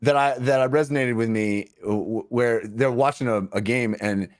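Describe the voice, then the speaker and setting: A man hosting a casual sports chat show, playful and animated. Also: mid-range voice, normal speed, no echo, studio quality. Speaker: show host.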